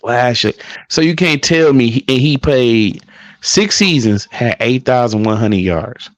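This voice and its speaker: A man hosting a casual sports chat with friends, telling profane, animated stories. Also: mid-range voice, unhurried, dry recording. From Milwaukee, Wisconsin. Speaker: podcast host.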